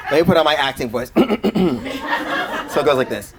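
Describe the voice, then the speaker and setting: A young man performing a stand-up comedy set before a live audience, jokey and animated, often laughing mid-line. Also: high-pitched, a little slow, long pauses. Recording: loud crowd and noise of a live club.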